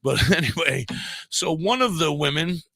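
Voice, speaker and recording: With a fairly high, creaky voice carrying a breathy edge, a man talks at normal speed into a podcast mic with no room sound. A radio DJ appearing as a podcast guest, he tells a story casually and animatedly acts out the dialogue.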